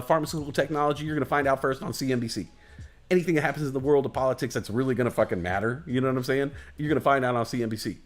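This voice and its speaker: A man hosting a livestream, ranting casually with heavy swearing, emphatic repetition and loose digressions. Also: medium pitch. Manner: loose, digressive, chuckles at his own jokes. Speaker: livestream host. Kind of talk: casual rambling rant.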